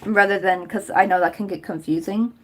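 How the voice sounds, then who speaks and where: A woman's voice: medium pitch, steady tone, brisk, a little hiss or hum. Chatty Southern woman crafting on stream. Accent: Southern American. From Tennessee, US. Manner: chatty and rambling, lots of "like" and laughs. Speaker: crochet livestream host. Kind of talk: casual livestream chat while crafting.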